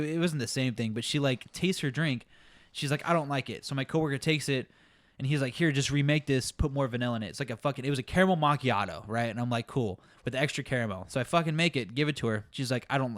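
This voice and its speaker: A young man co-hosting a casual podcast, telling a work story in a profane, exasperated, animated way. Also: mid-range voice, quick pace, no echo, clean studio sound. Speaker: podcast co-host.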